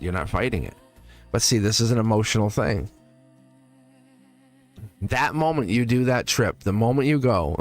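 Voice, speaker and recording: A man reads tarot live for a viewer in a loose, chatty way, reassuring her and breaking into laughs. His pitch swings widely as he talks. Soft music plays faintly behind him. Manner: chatty and reassuring, laughs often, acts out quoted lines. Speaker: tarot reader hosting a live stream.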